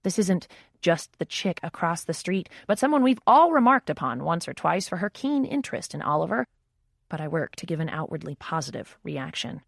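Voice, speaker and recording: A woman's voice: lowish voice, sing-song, normal speed, vocal fry, no room sound. A woman reading a first-person audiobook in a wry, intimate inner-monologue manner, close to the mic. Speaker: audiobook narrator.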